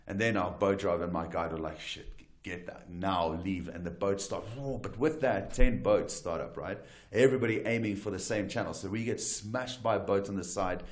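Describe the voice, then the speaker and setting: A deep-voiced man from South Africa recounts wild adventures as a talk show guest. He talks in a casual, animated way, often restarting sentences and checking in with "right?". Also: a little fast. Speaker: wildlife guide and photographer, guest. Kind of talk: casual storytelling interview.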